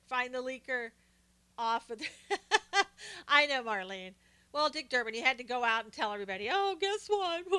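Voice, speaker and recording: An older woman talks through a casual political livestream, greeting viewers by name between points. Her voice sits high and carries a bright, forceful edge. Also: clean tone. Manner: chatty, greets viewers by name while talking. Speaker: live stream host.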